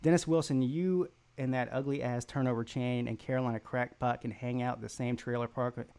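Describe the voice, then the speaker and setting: Gravelly, halting man trash-talking on a live stream. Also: medium pitch, monotone, a little mellow. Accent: Southern American. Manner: rambling, halting, with many fillers and restarts; mocking trash talk. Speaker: sports live-stream host. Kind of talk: live-stream chat reading viewer comments.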